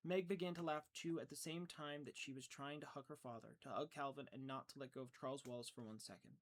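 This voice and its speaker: A man's voice: mid-range voice, fairly even intonation, fast talker, hardly any pauses. A man narrating an audiobook earnestly, stumbling and restarting now and then. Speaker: audiobook reader.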